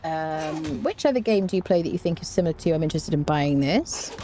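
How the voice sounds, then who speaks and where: A woman's voice: low voice, lively intonation, brisk, dark tone, a little hiss or hum. A woman giving rambling, casual commentary while streaming a game, full of fillers and restarts.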